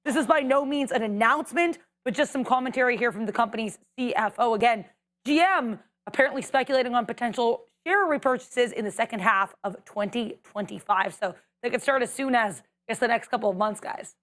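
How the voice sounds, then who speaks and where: A woman delivering breaking market headlines on a trading livestream. She reports in a measured, deliberate way, in a fairly high voice. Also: fairly bright tone. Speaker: news desk reporter. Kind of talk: live market news update.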